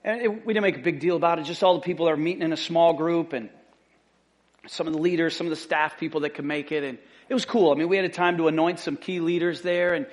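A middle-aged man preaching a sermon as lead pastor, fervent and emphatic, repeating key phrases and swinging from loud excited bursts to quiet asides. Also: fast. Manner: fervent, emphatic repetition, rising to excited outbursts then dropping low.

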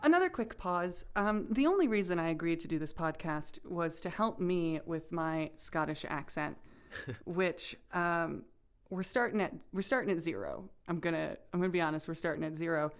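A woman's voice: sits low, normal speed, hardly any pauses, smooth, faint music behind. A woman co-hosting a podcast in casual chat, playful and self-mocking. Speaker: podcast co-host.

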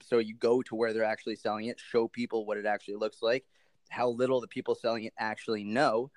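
A man speaking as a podcast guest on nutrition, animated and rambling with many restarts. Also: lowish voice, fast, no echo. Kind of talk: casual interview chat.

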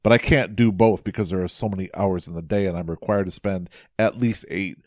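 A man's voice: low-pitched, steady tone, brisk, dry recording, clean studio sound. A man co-hosting a podcast, talking casually in a frank, rambling way and telling a story. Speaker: podcast co-host. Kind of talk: casual conversational dialogue.

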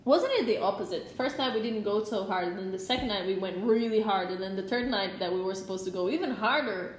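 A young woman telling stories in a casual chat, animated, laughing often and swearing. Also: medium pitch, quick pace, echoey room, slight background noise.

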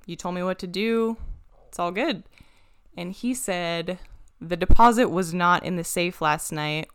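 A woman's voice: fairly low pitch, unhurried, a little hiss or hum. A young woman in casual podcast chat, telling a long story animatedly, swearing freely and acting out the people she quotes.

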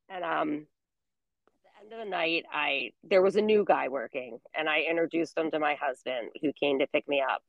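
A middle-aged woman with a slightly low voice tells a long story in easy, filler-filled chat. The sound is dry and close, with no room around it. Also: normal speed, gravelly, dry recording, highs cut off. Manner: chatty storytelling, many fillers. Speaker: guest. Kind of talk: casual chat.

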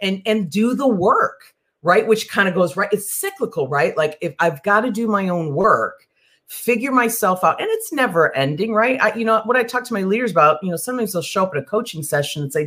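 A woman leadership coach talking in a podcast conversation, animated and acting out the people she quotes. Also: medium pitch, fairly quick. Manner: animated, acts out quoted voices.

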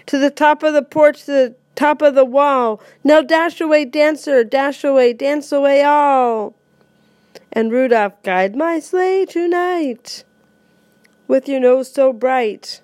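A woman hosting her own podcast in a playful, joking way, reciting a holiday poem with loud, animated emphasis. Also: sits high, slow pace, dry recording. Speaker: podcast host.

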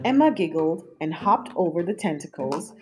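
A woman reading a picture book aloud in an expressive storytelling style. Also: fairly low pitch, faint music behind. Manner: expressive, slow and lively.

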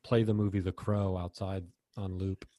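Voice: low-pitched, level tone, normal speed, heavy background noise. A co-host in casual chat, with a dry, teasing manner and playful asides. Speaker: podcast co-host.

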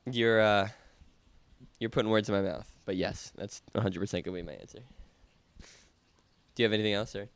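A man's voice: fairly low pitch, fairly even intonation, a little fast, vocal fry, long pauses, clean tone. A young man co-hosting a running podcast, telling stories in a laid-back, rambling way. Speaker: podcast co-host. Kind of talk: casual chat.

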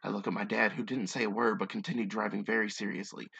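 A man's voice: fairly low pitch, little pitch movement, fast talker, vocal fry, sharp tone, slightly rough, no echo. A man hosting a podcast, reading stories aloud and breaking off for sarcastic, wisecracking asides. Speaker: podcast host.

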